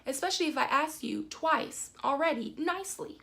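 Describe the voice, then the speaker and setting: A young woman vlogger telling a story in a casual, animated way, full of fillers, her voice climbing high when she gets indignant. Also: normal speed, creaky. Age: young adult.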